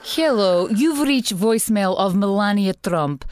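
A woman voicing a stiff first lady, flat and clipped, dropping her articles. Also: mid-range voice, measured pace, close to an everyday voice. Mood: deadpan. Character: stiff Eastern European first lady on voicemail.

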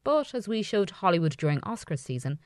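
A woman's voice: medium pitch, very animated, brisk, dry recording, studio quality. A woman presenting a radio review show, reading wry scripted links.

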